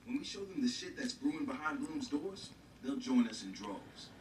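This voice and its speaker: A man's voice: medium pitch, very animated, normal speed, close to an everyday voice. An actor playing a confident, upbeat young male hacker. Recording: roomy game audio from a distance.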